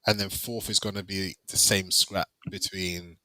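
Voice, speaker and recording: A man's voice: sits low, little pitch movement, a little slow, pushed and bright, no echo, poor audio. A man in casual football banter, laughing often and teasing his friends. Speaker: podcast panelist.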